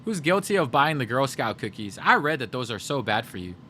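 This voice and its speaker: A man's voice: mid-range voice, sing-song, fairly quick, pushed and bright, slight background noise. A male game streamer in casual livestream chat, joking and chatty as he reads chat aloud.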